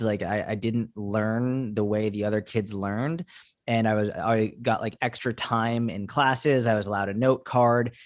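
A man's voice: lowish voice, no room sound. A young man guest talking casually in an interview, telling personal stories with lots of filler words. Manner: casual storytelling, filler-heavy with frequent "like". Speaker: podcast guest, fitness coach.

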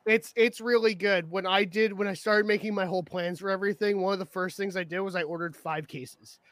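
A man co-hosting a podcast in casual chat, animated, swearing and laughing often. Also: sits high, fairly quick, dry recording. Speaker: podcast co-host.

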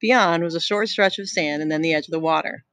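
A teacher reads a novel aloud to a class, breaking off now and then for chatty, explanatory asides. The voice sits at a middle pitch. The sound is dry and close. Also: brisk, fairly bright tone, no room sound, poor audio.

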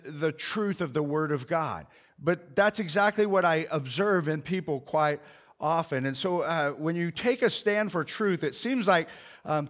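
A middle-aged pastor preaching a sermon, telling a farm story in a folksy way with lots of fillers before reading scripture. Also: male voice, fairly high pitch, fairly bright tone.

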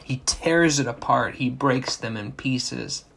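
A man's voice: mid-range voice, slow pace, creaky, fairly bright tone, slightly rough. A man preaching a sermon, explaining a scripture passage and asking rhetorical questions. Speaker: pastor.

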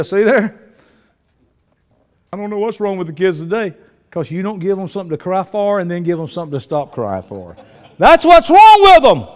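Older man, preacher, sermon, high voice, very animated, folksy storytelling, long church reverb. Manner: animated folksy storytelling, swinging between shouts and low asides.

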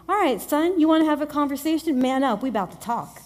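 A woman preaching a sermon in a lively, conversational way, repeating phrases for emphasis. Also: sits high, quick pace, few pauses.

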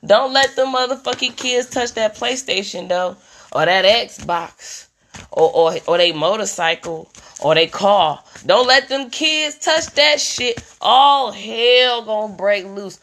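A young woman doing a profane comedic rant about motherhood, animated and full of mimicry. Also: fairly high pitch, unhurried.

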